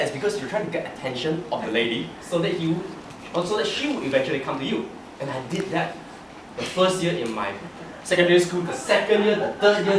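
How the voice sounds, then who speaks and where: A lively young man with a slightly high, swooping voice tells funny stories about himself and often laughs mid-sentence. He is heard from some distance in an echoey meeting room, with clear background noise. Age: young adult. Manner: animated storyteller, laughing through his lines. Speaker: club speaker giving a personal speech. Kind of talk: humorous prepared speech. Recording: echoey room from far off, noisy.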